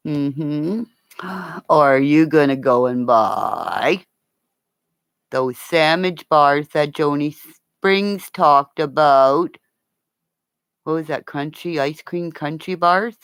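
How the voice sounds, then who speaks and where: A woman's voice: deep voice, slow pace, clear, resonant tone, no room sound. A woman from Northern Ontario chatting on a livestream, rambling and swearing freely as she talks to her viewers by name and calls them darling. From Northern Ontario, Canada.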